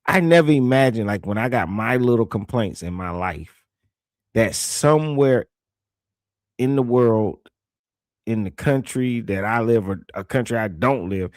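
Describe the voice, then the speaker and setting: Lowish voiced dude reacting live, swears a lot, stumbles over words, dry close mic. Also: male voice, dry recording. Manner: animated, swears, restarts, reads viewer comments aloud. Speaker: commentator reacting to a news clip. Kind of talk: casual live reaction commentary.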